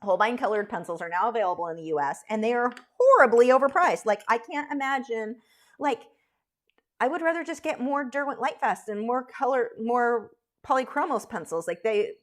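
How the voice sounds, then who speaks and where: A woman's voice: fairly high pitch, animated, fairly quick. A woman chatting casually while teaching a live drawing stream, frank and talkative, with frequent fillers and restarts. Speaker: art instructor streaming live.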